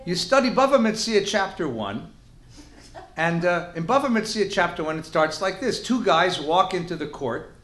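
A male rabbi lecturing a live class, animated and joking, with Yiddish words woven in. His voice sits high and swings widely up and down, in an echoey classroom.

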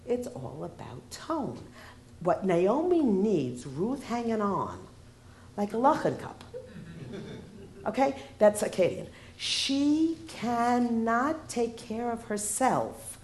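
A woman's voice: a little high, very animated, slow pace, a little mellow, slight background noise. A woman giving a humorous lecture, wry in tone and often asking the audience rhetorical questions. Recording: roomy echo.

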